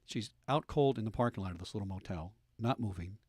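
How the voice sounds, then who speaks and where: A middle-aged man hosting a radio talk show, telling police stories with lively animated delivery. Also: fairly low pitch, fast, breathy edge, no room sound, clean studio sound. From United States. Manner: animated storyteller, acts out voices in anecdotes.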